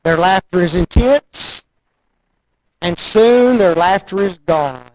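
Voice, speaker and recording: High-voiced folksy male preacher. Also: expressive, slow, a little mellow, no echo, low-quality recording. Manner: folksy, conversational preaching with rhetorical questions. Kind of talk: sermon.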